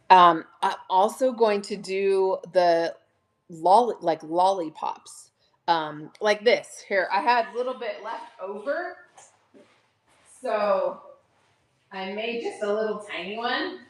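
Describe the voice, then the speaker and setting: Slow, gushing woman selling crafts live. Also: medium pitch, animated. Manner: chatty, gushing, addresses viewers as "you guys". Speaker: online live-sale seller. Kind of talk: casual live-stream selling chat. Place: at home.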